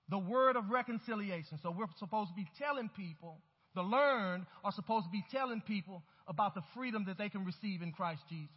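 A man's voice: high-pitched, brisk, slightly rough, in a large hall. A man preaching a sermon as pastor, with emphatic rises and calls to the congregation. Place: church sanctuary. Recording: dull, hollow-sounding church recording.

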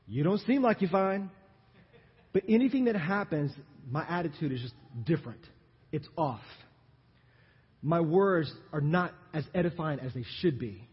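A man's voice: fairly high pitch, slightly rough. Preaching man in a hall. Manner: call-and-response preaching, swinging between loud and hushed. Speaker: pastor. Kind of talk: sermon. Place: church sanctuary. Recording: dull muffled live church recording with long reverb.

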